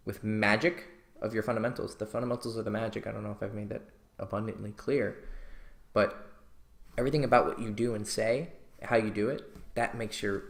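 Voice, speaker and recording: A man coaching on dating, talking passionately and swearing casually as he explains how to make small talk. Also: mid-range voice. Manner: passionate, swears casually, acts out sample pickup lines. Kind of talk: instructional talk to camera.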